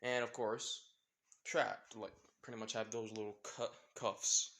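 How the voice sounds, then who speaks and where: A young man improvising a fan fiction story out loud, rambling with many fillers and self-corrections. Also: fairly low pitch, little pitch movement, unhurried.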